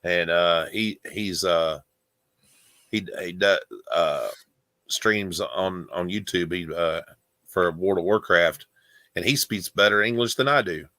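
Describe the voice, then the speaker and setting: A man's voice: deep voice, slow pace, pushed and bright, dry recording. A man chatting as a guest on a live stream, rambling and hesitant, with many fillers. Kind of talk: casual group chat on a live stream.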